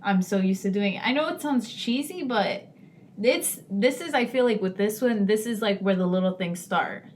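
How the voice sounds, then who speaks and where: A woman's voice: medium pitch, animated, normal speed, slight background noise. Frank, chatty young woman on a podcast. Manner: frank, chatty, laughs often. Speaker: podcast co-host. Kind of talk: casual chat.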